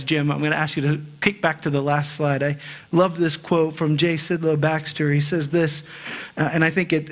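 A man preaching a sermon as pastor, earnest and conversational, stumbling over restarts and slowing down to stress key lines. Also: high-pitched, fairly bright tone.

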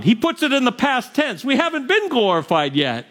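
A man's voice: very animated, normal speed, fairly bright tone. Earnest male pastor preaching a sermon. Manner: earnest, rises in pitch for emphasis, chuckles between points. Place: church sanctuary.

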